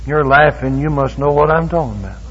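A man's voice: on the high side, fairly quick, fairly bright tone, slight background noise. A man preaching a Pentecostal sermon with fervent emphasis, acting out bits of dialogue, in a church or revival hall. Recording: echoey hall, dull lo-fi.

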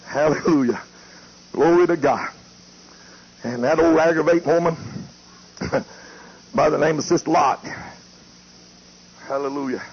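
A male pastor, preaching a fiery sermon with shouting and declaiming. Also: a little high, a little slow, pauses often, breathy edge. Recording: muffled lo-fi tape with faint hiss.

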